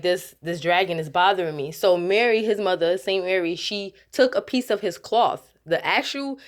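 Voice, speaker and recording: A woman telling a rambling, casual story to her viewers, laughing often and restarting her sentences. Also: medium pitch. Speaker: vlogger.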